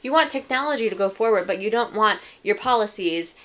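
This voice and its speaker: A woman's voice: medium pitch, animated, fairly quick, a bit bright. A young woman co-hosting a podcast, speaking in an emphatic, opinionated way, as if ranting. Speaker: podcast co-host. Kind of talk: casual chat.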